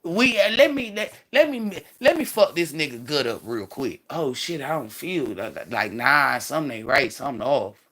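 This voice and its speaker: A man's voice: fairly high pitch, sing-song, moderate pace, hardly any pauses, fairly bright tone. A man hosting a spiritual livestream, preaching in a profane, rambling way. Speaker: livestream host.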